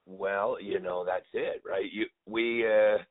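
A man's voice: fairly low pitch, steady tone, takes it slowly. A man, a sports superfan guest, telling stories in a rambling, emotional way full of "you know". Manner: emotional, rambling, heavy with 'you know'. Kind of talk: casual storytelling interview. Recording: phone-like remote audio.

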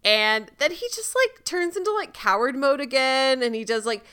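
A woman recapping a TV episode on a podcast, with a bright, somewhat high voice that stays smooth and clear. She talks emphatically, swears freely and throws herself into acting out the characters' lines. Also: expressive, normal speed. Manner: emphatic, swears, acts out quoted dialogue. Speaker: podcast co-host. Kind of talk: casual TV recap chat.

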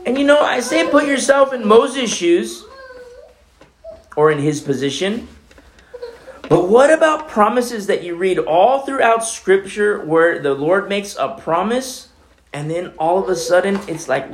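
A man's voice: sits high, expressive, a little slow, roomy sound, background noise. A man preaching a conversational sermon as the pastor of a church, talking through a scripture passage with casual asides.

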